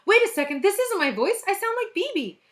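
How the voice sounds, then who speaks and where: A woman's voice: very high-pitched, sing-song, a little fast, pitched above the performer's own voice. A woman voicing a startled young schoolboy in a storybook reading.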